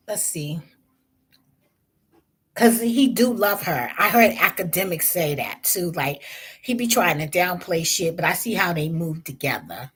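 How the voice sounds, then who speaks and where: A woman's voice: lowish voice, a bit bright, husky. A woman hosting a vlog, giving blunt, slangy, profane commentary on celebrity drama. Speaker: vlog host.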